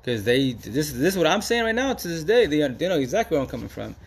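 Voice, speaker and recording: A man's voice: a little high, big pitch swings, fast, gravelly, husky. A man talking straight to camera in a casual, slangy monologue, full of emphatic repeats and street talk. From Seattle, USA. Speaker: Facebook Live vlogger.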